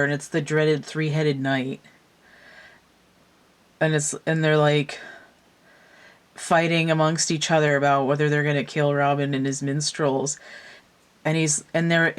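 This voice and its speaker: A woman's voice: sits low, steady tone, moderate pace. A woman giving a casual tarot reading, thinking aloud and wandering into asides. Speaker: tarot reader.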